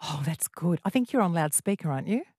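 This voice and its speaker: A woman hosting a radio talk show, chatty and quick with questions. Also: on the low side, slightly rough. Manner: lively, chatty, jumps in with questions. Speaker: radio host.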